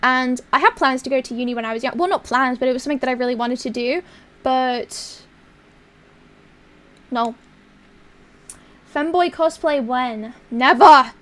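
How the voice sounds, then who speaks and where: A young woman streamer with a put-on British accent, chatting casually, crude and rambling as she reads viewer messages. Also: high-pitched. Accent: put-on basic British accent.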